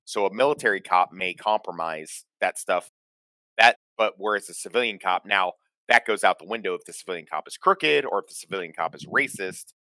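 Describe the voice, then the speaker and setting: Low, bright-toned man explaining things. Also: lively intonation, dry recording. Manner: explanatory, halting with restarts and fillers. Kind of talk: casual chat.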